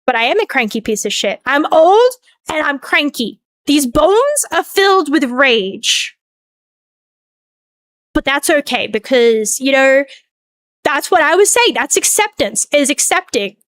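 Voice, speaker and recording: High-voiced woman streamer venting. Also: big pitch swings, a little slow, dry recording. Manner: rambling, venting, swears freely; warm thanks to viewers. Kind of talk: casual end-of-stream chat.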